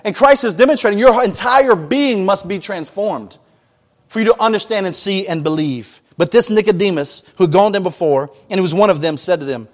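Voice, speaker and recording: A man with a notably high voice preaching from the pulpit. He moves between reading scripture and relaxed, chatty retellings with casual slang. The delivery stays conversational rather than formal. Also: fairly quick. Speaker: pastor. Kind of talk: sermon.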